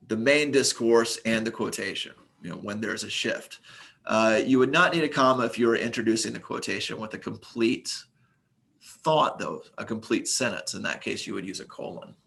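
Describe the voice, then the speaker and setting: A man's voice: on the low side, creaky, a bit bright, husky. A man teaching a recorded grammar lesson, reading example sentences aloud and explaining them methodically, with the occasional filler.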